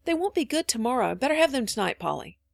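Woman doing a storybook mother, brisk, gently scolding, animated, dry close sound. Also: on the high side, creaky, dry recording, pitched above the performer's own voice. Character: kindly, practical poor mother.

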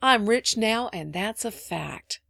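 A woman voicing a kindly, practical poor mother who speaks briskly and gently scolds in a storybook reading. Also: medium pitch, expressive, creaky, no room sound, studio quality, heavily acted.

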